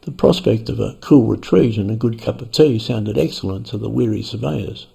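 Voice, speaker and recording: A man's voice: on the low side, moderate pace, creaky, dark tone, breathy edge. A man reading a short story aloud in a wry, playful, dry manner. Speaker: narrator. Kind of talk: scripted storytelling.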